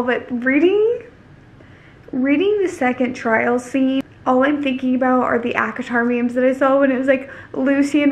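A woman vlogging a casual book reread, reading passages aloud and reacting to them in a chatty, gushing way full of "like". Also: high-pitched. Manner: chatty and gushing, heavy use of "like".

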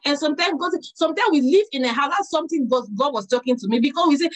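A middle-aged woman preaching a sermon, telling a personal story with lively quoted dialogue. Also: high voice, quick pace, hardly any pauses, rough recording.

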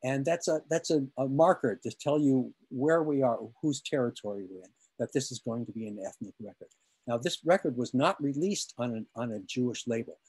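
A man's voice: medium pitch, brisk, a little mellow, breathy edge. A man giving an online lecture about music history, explaining patiently with many fillers and restarts, and now and then humming a rhythm.

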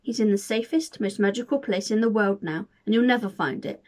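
A woman doing a tearful young boy yelling back. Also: a little high, moderate pace, lightly acted. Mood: defiant. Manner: shouting through tears.

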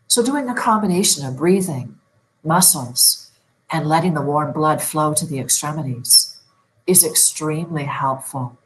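Sleep coach, woman, middle-aged; low voice, slow soothing guidance straight to the viewer. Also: low-quality recording. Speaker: sleep and stress management coach. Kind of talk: guided relaxation lesson.

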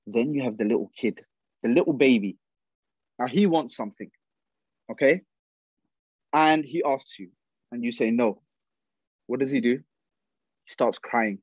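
A man's voice: fairly high pitch, expressive, moderate pace, long pauses, a little mellow, no room sound. A man giving an earnest religious talk to young people. He repeats key phrases and speaks directly to his listeners. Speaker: youth speaker. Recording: dull, dry recording.

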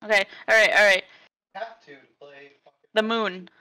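A British woman with a slight Australian tinge, playing a game with friends in excitable, playful chat. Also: medium pitch, slow pace, clear, resonant tone, no room sound, poor audio. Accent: British, a little Australian. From Britain. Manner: excitable, playful, shrieks when scared. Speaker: game player. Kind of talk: casual gaming chat.

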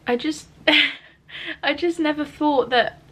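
A woman chatting in a studio vlog, excited and emotional, often laughing and dropping to soft whispers. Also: sits high, takes it slowly. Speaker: small business owner vlogging. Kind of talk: casual studio vlog chat.

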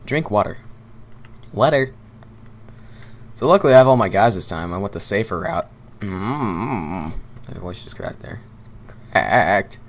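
Low-voiced young man rambling over a game. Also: lively intonation, fast talker, hardly any pauses. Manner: rambling and repetitive, talking to himself, with bursts of laughter. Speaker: gameplay commentator. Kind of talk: casual gameplay commentary.

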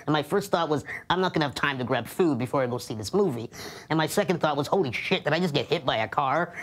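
A male comedian telling a comic personal story in a dry, matter-of-fact way, slipping into quick acted quotes. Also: on the high side.

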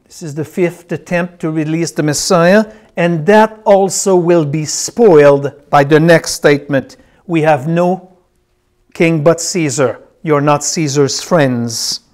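A man's voice: fairly high pitch, slow pace, darkish tone. A man teaching a Bible class, who repeats key phrases and tells his students which words to circle as he reads.

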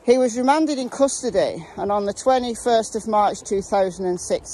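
Mellow-voiced woman telling crime stories casually. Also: mid-range voice, a little hiss or hum, rough recording. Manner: conversational, with asides and restarts. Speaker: true crime podcast host. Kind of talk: casual true-crime storytelling. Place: outdoors, walking near traffic.

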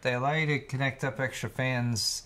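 A man's voice: medium pitch, fairly even intonation, normal speed, pushed and bright. A man co-hosting a casual livestream, reading donations aloud and explaining hardware questions in a friendly way. He often repeats words as he starts a thought. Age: adult, married.

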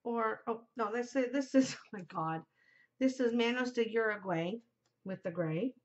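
A woman's voice: a little high, normal speed, muffled recording. A middle-aged woman hosting a podcast, chatting casually and giggling, easily distracted. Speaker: podcast host. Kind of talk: casual chat to camera.

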